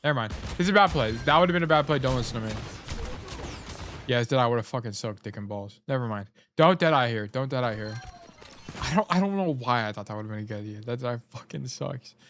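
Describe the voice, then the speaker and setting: A man's voice: mid-range voice, lively intonation, fast talker, a bit bright, a little hiss or hum. A man coaching a player through a casual gameplay review, blunt, swearing freely and often correcting himself while he eats. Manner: talks while eating. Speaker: game coach.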